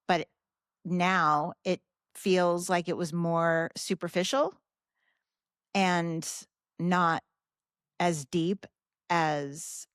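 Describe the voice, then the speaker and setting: A woman in her fifties, hosting a podcast, talking candidly and emotionally about grief in a halting way, with frequent restarts and some swearing. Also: fairly low pitch, no echo, studio quality. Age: 50s. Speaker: podcast host. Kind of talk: personal grief talk.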